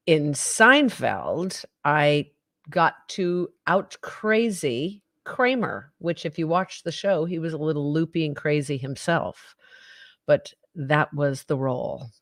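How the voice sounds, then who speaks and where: A woman's voice: low voice, lively intonation, slow pace, a bit bright, no echo, studio quality. A woman guest on an interview podcast, talking playfully and laughing easily. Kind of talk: casual interview chat.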